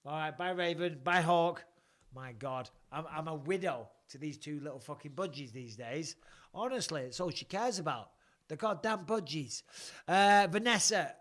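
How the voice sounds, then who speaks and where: Sweary fortysomething guy rambling thru fan questions, kinda high voice. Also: normal speed, fairly bright tone. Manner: blunt, swears freely, rambling. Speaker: host answering fan questions. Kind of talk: casual live-stream chat.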